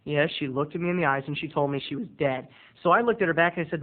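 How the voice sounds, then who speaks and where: A man's voice: on the high side, animated, rapid-fire, few pauses. A man from Maryland rambling through a casual storytelling vlog, chatty with playful dramatic swings, recorded with tinny lo-fi sound. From Maryland, USA. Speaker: video blogger.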